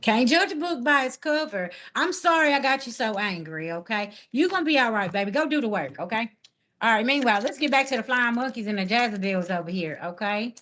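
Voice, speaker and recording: A woman talks casually on a live stream. As a spiritual reader, she answers viewer comments head-on in a sassy, blunt manner. Her voice sits a little on the high side. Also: expressive, a little fast, a bit bright, slight background noise.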